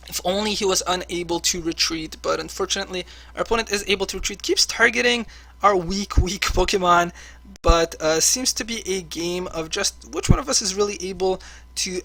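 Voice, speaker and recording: Bright, high-voiced male gameplay commentator. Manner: chatty, many filler words. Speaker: online card game player and channel host.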